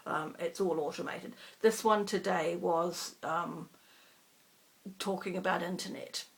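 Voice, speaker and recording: Middle-aged woman, chatty crafting vlogger, low and gravelly, rambles warmly at her own expense. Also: steady tone, measured pace. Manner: chatty, rambling, self-deprecating. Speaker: cross-stitch vlogger. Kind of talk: casual chat.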